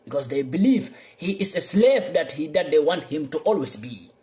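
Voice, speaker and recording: A young man giving an impassioned political monologue, fervent and repetitive, swinging between loud outbursts and low muttering. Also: expressive, moderate pace. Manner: repeats lines for emphasis. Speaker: political vlogger.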